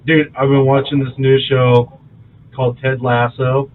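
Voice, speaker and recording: A man co-hosting a podcast in loose, profane casual chat, animated and quick to laugh. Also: mid-range voice, phone-quality sound. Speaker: podcast co-host.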